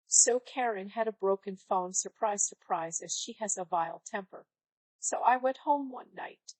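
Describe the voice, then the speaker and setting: A woman's text-to-speech voice reading online stories aloud in an even, synthetic-sounding delivery. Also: medium pitch, no room sound, rough recording. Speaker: story narrator.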